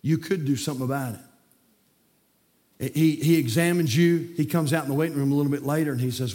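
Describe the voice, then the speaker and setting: A man preaching a sermon as pastor in a church, swinging between hushed passages and shouted climaxes. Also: on the high side, fairly quick. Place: church sanctuary.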